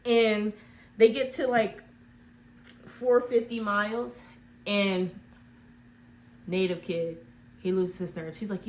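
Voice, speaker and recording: A woman's voice: mid-range voice, fairly even intonation, takes it slowly, long pauses, slight background noise. A woman casually retelling a movie plot in a rambling way, full of "like" fillers. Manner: rambling, heavy use of "like" fillers.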